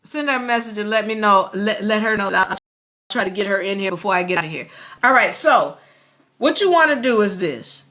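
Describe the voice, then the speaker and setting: A woman hosting a motivational live stream, talking in an animated, preachy way and speaking straight to her viewers. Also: medium pitch, brisk.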